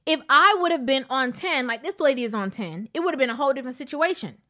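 Woman, high voice, casual storytelling, preachy, repeats herself for emphasis. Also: animated, quick pace, bright, forceful tone.

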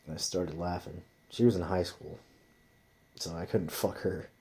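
Foul-mouthed rambling man, mellow voice. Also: low-pitched, normal speed. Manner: profane, rambling storyteller. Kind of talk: casual rambling chat.

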